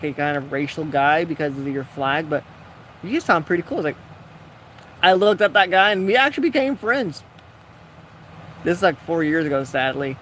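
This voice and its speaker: A man's voice: fairly high pitch, fairly bright tone, a little hiss or hum. A man casually telling a rambling, jokey story while building in a game, acting out the people he quotes. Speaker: gaming video creator.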